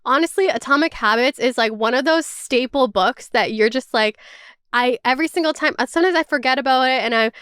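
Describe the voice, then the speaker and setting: Young woman vlogger, high smooth voice, chatty and profane, dry close sound. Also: fairly bright tone, no echo. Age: 20s. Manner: chatty, swears freely, heavy use of "like". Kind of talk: casual chat.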